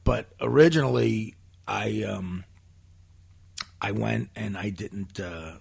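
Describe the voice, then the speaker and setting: A man telling comic, profane stories as a podcast guest, laughing often as he goes. His voice is gravelly and husky, with plenty of vocal fry. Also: lowish voice, slow. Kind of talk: comic storytelling in a podcast interview.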